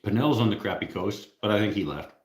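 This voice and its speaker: A man's voice: on the low side, animated, a little fast, roomy sound, noisy background. A Canadian man with a Canadian accent, hosting a casual live stream, joking with viewers and laughing at his own jokes. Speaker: livestream host.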